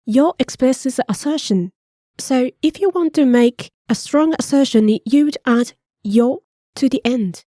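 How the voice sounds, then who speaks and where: A woman's voice: high-pitched, measured pace, dark tone, dry recording, clean studio sound. A woman co-hosting a scripted language lesson, patiently explaining grammar and modeling pronunciation. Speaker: native-speaker co-host teaching Japanese.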